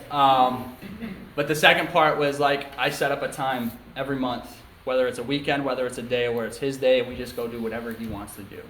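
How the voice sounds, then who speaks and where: A man's voice: medium pitch, fairly even intonation, fast. A young man giving a candid personal testimony at a recovery meeting, telling his story with lots of ums and likes. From upstate New York. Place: meeting room. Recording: echoey room with faint hiss.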